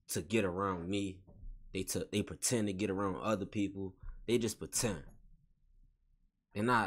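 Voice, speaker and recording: A man giving a spiritual motivational monologue in casual slangy talk, repeating and restating each phrase with emphasis. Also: deep voice. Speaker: vlogger.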